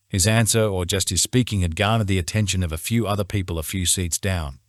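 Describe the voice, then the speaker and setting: A man narrating a romance audiobook in the first person, steady and measured. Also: low-pitched, no room sound, clean studio sound.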